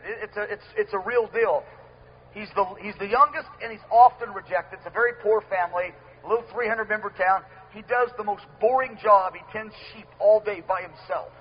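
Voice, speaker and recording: A man preaching a sermon at a gathering, emphatic and repetitive, swinging from loud to soft. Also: high-pitched. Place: gathering hall with sound system. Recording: dull lo-fi with faint hum.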